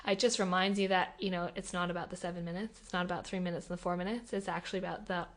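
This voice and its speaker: A young Australian woman, a podcast guest, telling her story in an animated, emotional way with lots of fillers. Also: on the low side, rapid-fire. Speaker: podcast guest, Olympic athlete. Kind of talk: casual interview conversation.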